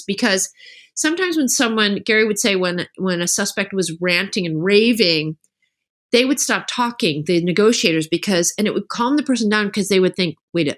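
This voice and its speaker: A middle-aged woman talking casually as a guest author on a podcast, telling animated stories and acting out the lines of other people. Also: medium pitch. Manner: animated storytelling, acts out quoted dialogue.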